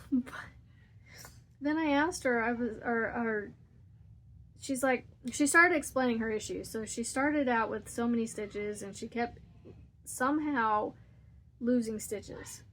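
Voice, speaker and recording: A woman's voice: fairly high pitch, slow, pauses often, fairly bright tone. Chatty, rambling woman crochet vlogger. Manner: rambling, chatty storytelling with frequent laughs. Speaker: crochet channel host. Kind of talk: casual chat while crocheting.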